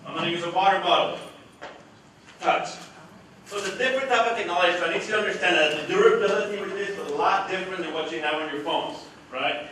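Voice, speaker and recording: A man leads a product demo in a large room, throwing his bright, forceful voice to the back rows with no microphone. The room rings with heavy echo, and he is picked up from a distance with faint hiss. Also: high voice, racing. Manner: projecting loudly without a mic, quizzing the audience. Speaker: education technology presenter. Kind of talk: live product demo to a committee. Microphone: no mic, room recording from afar. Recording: very echoey room audio from far off.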